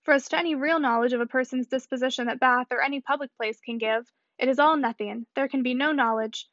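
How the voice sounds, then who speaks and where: A woman voicing a lively, teasing young gentleman. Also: high voice, quick pace, no echo. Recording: slightly muffled dry recording.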